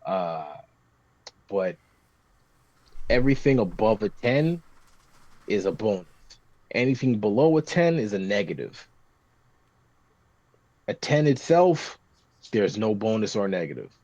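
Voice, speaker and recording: A man chatting casually on a podcast, rambling with many restarts and getting animated when describing scenes. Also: on the low side, a little slow, long pauses, dry recording. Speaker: podcast guest talking tabletop games. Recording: dry, slightly muffled podcast recording.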